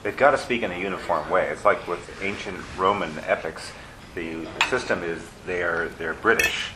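Dishes clatter behind a deep-voiced man who interviews someone in a relaxed conversation about movies. He talks at a moderate pace, sounding thoughtful and unsure, frequently fading out with fillers.

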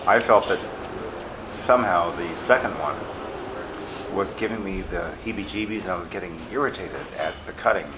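A man's voice: deep voice, moderate pace. A man in casual conversation as interviewer, musing and hesitant, often trailing off with fillers. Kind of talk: casual film talk. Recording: background noise with dish clatter.

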